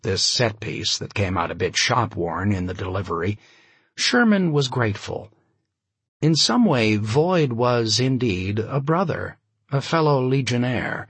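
Male narrator, husky voice, dry close sound, measured, wry. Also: on the low side, fairly bright tone, no echo. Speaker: audiobook narrator. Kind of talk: scripted narration.

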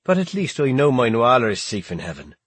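A quiet, grief-worn Irish pirate, as a man reads him, his voice husky and lilting through wide swings of pitch. He speaks low and gentle, in a dry, close sound. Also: wildly swooping pitch, brisk, no echo, heavily acted. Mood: grieving. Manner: soft-spoken, subdued. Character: grieving Irish pirate man from County Clare.

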